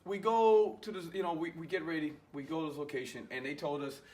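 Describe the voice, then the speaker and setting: A man, an Army veteran, telling an animated, profane war story in casual conversation in a garage. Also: a little high, fast talker, reverberant, distant mic, a little hiss or hum.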